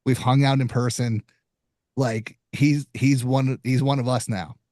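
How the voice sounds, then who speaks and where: A man's voice: medium pitch, a little slow, dry recording. Male podcast host, casual storyteller, dry close recording. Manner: relaxed storytelling, with small restarts.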